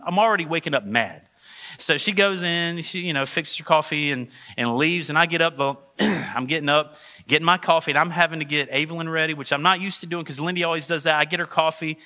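Bright, animated pastor man. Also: fairly high pitch. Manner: animated storytelling, acts out voices. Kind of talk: sermon with personal story.

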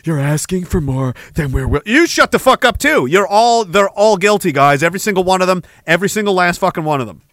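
A middle-aged man hosting a podcast, ranting with heavy profanity and jumping between war stories and shouted quotes. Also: high voice, animated, brisk, hardly any pauses, dry recording. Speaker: podcast host. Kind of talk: ranting monologue.

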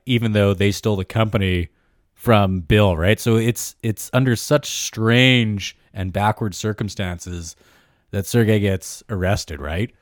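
A man's voice: on the low side, no room sound, clean studio sound. A man co-hosting a podcast who discusses a book casually, hedging often and checking in with "right?". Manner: animated, hedging, full of "right?" and "like". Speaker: podcast co-host. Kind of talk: casual book review chat.

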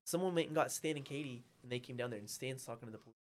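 A man, a podcast guest telling a story in casual chat, animated and full of swearing. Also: mid-range voice, very fast. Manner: animated and profane, acting out the people in his story.

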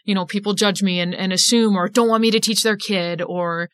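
A woman talking in an earnest, halting way, restarting her sentences as a guest on a casual podcast. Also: mid-range voice, steady tone, fairly bright tone, no room sound.

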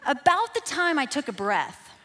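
A woman, a kids pastor preaching a sermon through lively, self-deprecating storytelling. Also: high voice, normal speed. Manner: animated, self-deprecating, builds to emphatic peaks. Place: church. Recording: long hall reverb.

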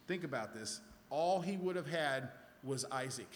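A man's voice: medium pitch, animated, measured pace, slight background noise. A man leading a Bible study, reading scripture aloud and then explaining it with emphasis. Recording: echoey hall with faint ambience.

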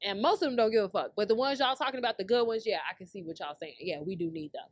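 A brash woman hosts her podcast in profane casual commentary. Her voice sits fairly high and swings from low mutters to loud, sharp outbursts. The recording is dry and close, with no room around it. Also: fast, hardly any pauses, no echo. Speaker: podcast host.

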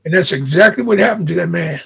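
A man's voice: sits high, quick pace, vocal fry, slightly rough. An older man, an interview guest telling stories and acting out the dialogue he remembers. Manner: animated retelling with quoted dialogue. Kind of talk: storytelling in an interview.

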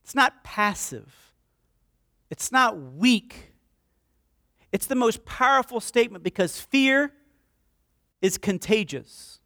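A man delivers an impassioned sermon, his voice sitting very high for a man. He swings between loud declarations and hushed, pleading prayer. The sound is dry and close, with no room echo. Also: very animated, slow pace, long pauses. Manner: impassioned preaching, swinging from shouts to hushed pleas. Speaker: pastor.

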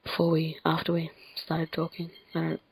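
Gravelly, husky young woman from France. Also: low-pitched, completely flat delivery, normal speed, dry recording, poor audio. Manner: rambling, self-correcting, laughs often. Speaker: podcast host. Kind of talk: casual chat. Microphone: home computer mic on a Skype call.

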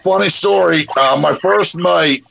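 A man's voice: fairly high pitch, measured pace, vocal fry. A man on a podcast, animatedly telling stories with punchlines in casual chat. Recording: noisy podcast recording.

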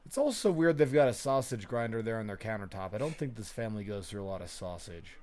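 A man's voice: on the low side, lively intonation, quick pace, a little mellow. A man co-hosting a casual movie watch-along podcast, making profane wisecracks about what is on screen. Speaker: podcast co-host.

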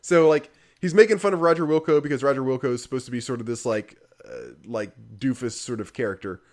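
A fast-talking man with an animated, mid-range voice rambles casually through a game review. He's dry and critical, uses plenty of fillers, and laughs often.

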